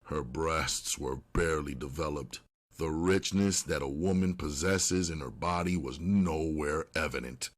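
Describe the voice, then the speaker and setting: A man narrating an audiobook in a steady, unhurried storytelling manner. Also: very deep voice.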